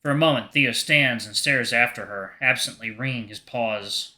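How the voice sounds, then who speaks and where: A man's voice: mid-range voice, normal speed, pushed and bright. A man narrating a visual novel aloud in the first person, with wry asides. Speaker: game streamer reading a visual novel.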